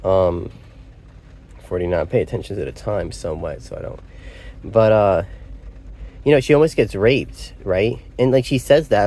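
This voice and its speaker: A man's voice: lowish voice, expressive, moderate pace, mellow. A man giving a casual spoken film review, rambling and often losing his train of thought. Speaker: movie reviewer. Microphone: phone or small device.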